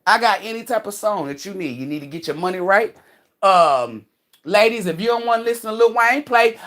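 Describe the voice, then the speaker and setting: A woman's voice: mid-range voice, expressive, brisk, a bit bright. A woman hosting a casual livestream from outdoors on a phone, talking in a blunt, profane, preachy way. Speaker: livestream host. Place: outdoors among trees.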